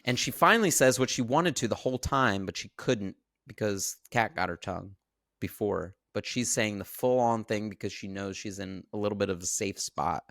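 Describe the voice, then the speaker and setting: Man, podcast co-host, animated, swears a lot, low voice, dry close sound. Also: moderate pace, no room sound. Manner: animated, profane storytelling. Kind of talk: casual chat recapping a film.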